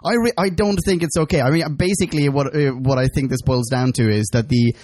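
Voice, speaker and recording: A man's voice: mid-range voice, quick pace, a little mellow, no echo. A man co-hosting a casual podcast chat, rambling and correcting himself as he talks, with the odd swear word. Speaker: podcast co-host.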